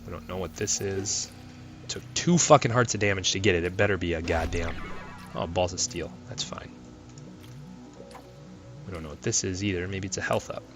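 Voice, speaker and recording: A man's voice: low voice, moderate pace, pauses often. A young man rambling through casual gameplay commentary, swearing often and flaring up at the game. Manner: swears a lot, rambling, flares into angry outbursts. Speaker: gaming channel host. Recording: music playing loudly behind.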